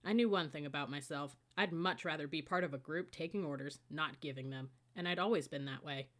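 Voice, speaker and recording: A woman narrating an audiobook in a steady, even storytelling manner. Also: low-pitched, brisk. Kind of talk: scripted narration.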